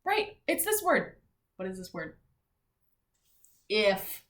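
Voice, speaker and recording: A woman teacher giving a phonics and spelling lesson to young children, talking clearly and encouragingly. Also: a little high, big pitch swings, takes it slowly, long pauses. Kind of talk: early-grades phonics lesson. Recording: echoey room.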